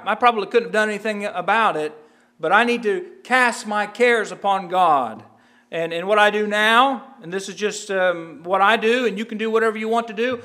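A middle-aged man preaches with a high, bright voice that rings with an edge. He talks earnestly, stumbling into repeated words and restarts as he works through his points. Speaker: pastor. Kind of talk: sermon.

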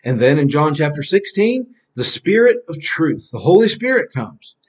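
A man's voice: on the high side, big pitch swings. A man teaching a Bible lesson to children, quizzing them and repeating key phrases in call-and-response. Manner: quizzing, answering his own questions slowly; repetitive call-and-response drilling. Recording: dull lo-fi recording.

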